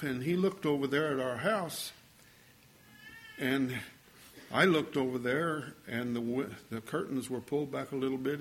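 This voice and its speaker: A man's voice: mid-range voice, gravelly, a bit bright, a little hiss or hum. An older man preaching a sermon, telling a story in a folksy way and building to fervent exhortation.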